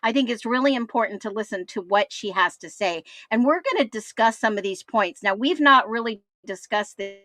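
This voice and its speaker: A woman's voice: on the high side, brisk, hardly any pauses, fairly bright tone, no room sound. A woman hosting an interview, direct and eager as she steers the talk. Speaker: host.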